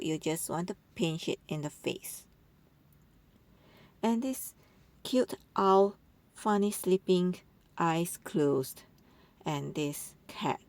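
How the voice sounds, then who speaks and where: Slow, low-pitched woman cooing over animals. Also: a little mellow. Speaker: channel narrator. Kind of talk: voice-over narration of an animal clip compilation.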